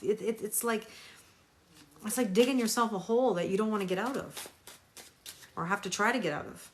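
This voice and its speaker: A woman's voice: medium pitch, fairly quick. A woman tarot reader on a live stream, talking emphatically, repeating phrases for stress and greeting viewers by name.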